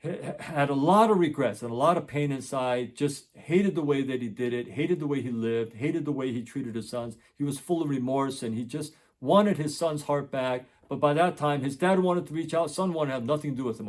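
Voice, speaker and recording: A middle-aged man who tutors and hosts an education channel tells a story in a casual monologue, earnestly repeating his points for emphasis. His voice is medium-pitched, at a normal speed, with hardly any pauses.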